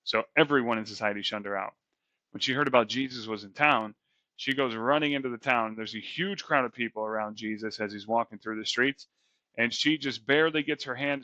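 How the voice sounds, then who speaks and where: A man's voice: medium pitch, brisk, sharp tone, no room sound, muffled recording. A man co-hosting a podcast, casually retelling Bible stories in a slangy, chatty way with lots of fillers. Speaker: podcast co-host.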